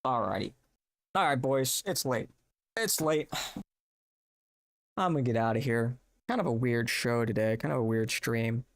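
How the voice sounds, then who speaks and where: A man's voice: mid-range voice, moderate pace, dry recording, clean studio sound. A man hosting a livestream, chatting casually, rambling and reacting to his chat with disbelief. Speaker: livestream host.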